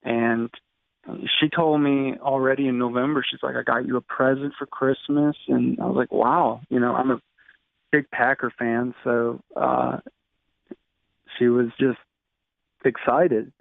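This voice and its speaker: A man in his thirties telling his personal story in an interview, halting and full of fillers and restarts. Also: medium pitch, level tone, vocal fry, no echo. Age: 30s. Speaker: guest. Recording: dry tinny phone-like sound.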